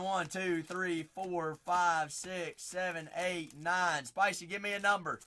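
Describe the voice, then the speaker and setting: Excitable man hosting a live card break. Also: sits high, slow pace, hardly any pauses. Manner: excitable, joking, with sudden shouted outbursts. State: worn out from a long stream. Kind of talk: live-stream commentary while opening packs.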